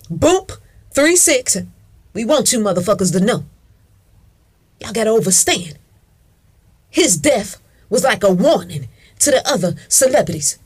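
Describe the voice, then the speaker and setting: A woman's voice: fairly high pitch, breathy edge. A woman talking straight to her viewers in a casual rant, emphatic and profane, repeating herself, calling listeners "honey" and answering her own questions. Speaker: video commentator. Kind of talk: casual ranting monologue.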